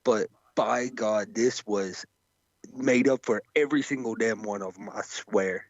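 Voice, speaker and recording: A man's voice: on the low side, a little slow, dry recording. A man co-hosting a wrestling podcast, recounting things enthusiastically with emphatic swearing. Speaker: podcast co-host. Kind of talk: casual chat. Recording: dull dry lo-fi sound.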